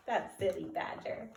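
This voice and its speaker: A woman teacher reading a picture book aloud, slow and expressive, with dramatic gasps. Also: mid-range voice, creaky, slight background noise. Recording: echoey room.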